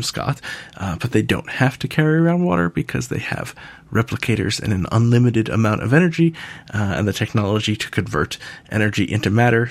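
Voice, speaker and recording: Podcast host, American man, low gravelly voice, lively delivery, dry jokey asides. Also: dry recording. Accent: General American. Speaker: podcast host answering listener questions. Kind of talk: casual listener Q&A.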